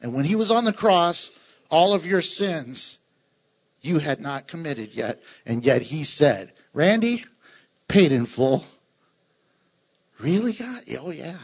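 A man preaching a lively sermon as a pastor, laughing and acting out voices of his listeners. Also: a little high, creaky, breathy edge, dull audio.

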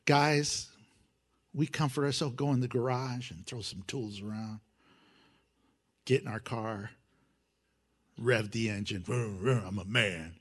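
A man preaching a sermon, animated, swinging from loud emphasis to hushed, intimate asides and acting out prayers with humor. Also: mid-range voice, a little slow, pauses often. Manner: acts out prayers and voices with humor. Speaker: pastor.

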